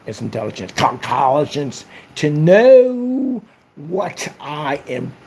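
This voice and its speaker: A man voicing a sulky, childish troll who slowly and petulantly writes angry diary entries. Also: a little high, animated, vocal fry, darkish tone, breathy edge, exaggerated voice. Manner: slow, drawn-out, petulant.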